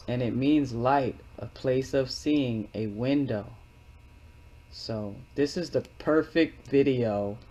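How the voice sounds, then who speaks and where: A man's voice: medium pitch, darkish tone. Earnest man reading scripture at home. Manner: earnest, rambling, repeats words while explaining. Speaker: scripture reader and channel host. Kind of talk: casual commentary and scripture reading. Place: living room with wooden walls.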